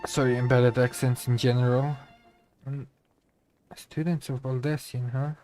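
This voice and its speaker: A man's voice: mid-range voice, level tone, normal speed, a little mellow, faint music behind. A man who is feeling unwell, streaming a game and chatting casually in a self-deprecating way.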